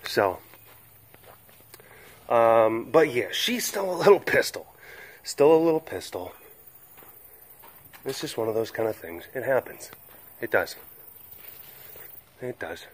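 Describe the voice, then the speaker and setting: A man's voice: mid-range voice, big pitch swings, takes it slowly, pauses often, husky. A man hosting a vlog, chatting casually and playfully in a rambling way about animal care. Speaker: sanctuary keeper and vlog host.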